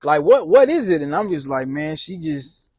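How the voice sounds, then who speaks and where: A man with a high-pitched voice tells a personal story in loose, slang-filled talk. He rambles and repeats himself, and he acts out his friends' advice in quotes. The sound is close and dry, with no room echo. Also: sing-song, normal speed, darkish tone, breathy edge. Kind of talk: casual storytime monologue.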